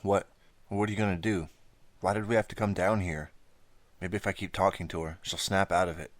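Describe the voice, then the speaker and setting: A man's voice: low-pitched, steady tone, fairly quick, dry recording, close to an everyday voice. A man reading an audiobook, voicing a frightened teenage girl held captive, pleading and stammering.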